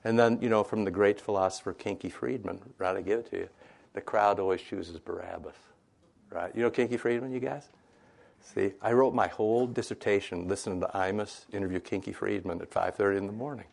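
A man with a fairly low voice teaches scripture in a loose, conversational way. He recasts the old story in modern slang and keeps checking in with his listeners. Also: a little fast, vocal fry, darkish tone. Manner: chatty, keeps asking "right?", retells scripture in modern slang. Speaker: Bible teacher. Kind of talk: informal scripture lesson.

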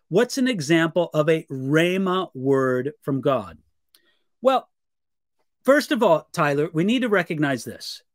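High-voiced man, a pastor, answering questions. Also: dry recording, clean studio sound. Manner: earnest, measured, reads viewer questions aloud. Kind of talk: live Q&A teaching.

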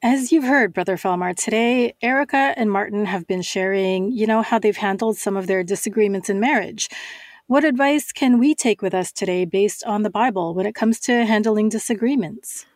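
Calm woman hosting a talk show. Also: mid-range voice, moderate pace, no room sound, clean studio sound. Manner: calm, affirming. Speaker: host.

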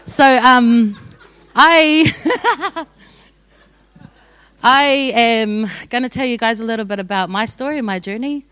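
A woman's voice: fairly high pitch, slow, long pauses, bright, forceful tone, smooth, dry recording. Casual young woman giving church testimony. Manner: casual, joking, laughs often. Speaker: church speaker sharing testimony. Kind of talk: sermon testimony.

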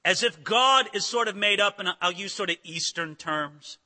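Pastor, male: high, very bright voice; earnest sermon delivery with swells and hushed asides, hall reverb. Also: normal speed. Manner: earnest preaching, rising emphatic passages then soft quiet asides.

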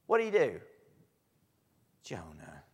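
A man preaching a sermon, swinging from soft asides to loud, emphatic lines. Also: mid-range voice, lively intonation, measured pace. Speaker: pastor. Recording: echoey hall.

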